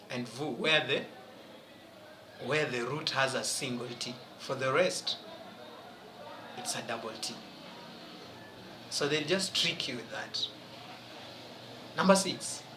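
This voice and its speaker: A man's voice: mid-range voice, bright, forceful tone, a little hiss or hum. Emphatic man teaching, echoey room. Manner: emphatic, asks students rhetorical questions. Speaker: French teacher. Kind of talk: exam prep lesson.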